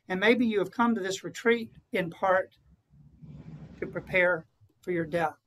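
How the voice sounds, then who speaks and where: A man's voice: high-pitched, a bit bright, a little hiss or hum, rough recording. A man who is a priest, giving an earnest retreat conference to fellow priests and often putting rhetorical questions to them.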